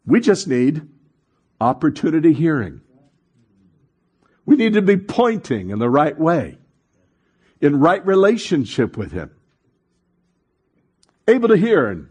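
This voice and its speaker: A man preaching a sermon as pastor, animated, calling on the congregation to respond and acting out voices in his stories. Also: sits high, slightly rough.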